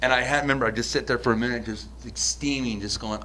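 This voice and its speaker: A man's voice: mid-range voice, quick pace, few pauses, a little hiss or hum. Profane American man telling a story. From United States. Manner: profane, animated storyteller with many restarts. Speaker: podcast host. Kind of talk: casual storytelling chat.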